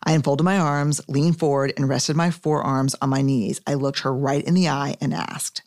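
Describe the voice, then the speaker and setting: Woman reading her own story out loud, animated and wry, cusses and laughs a lot. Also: extremely low pitch, moderate pace, hardly any pauses. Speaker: podcast host. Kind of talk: reading her own memoir aloud with commentary.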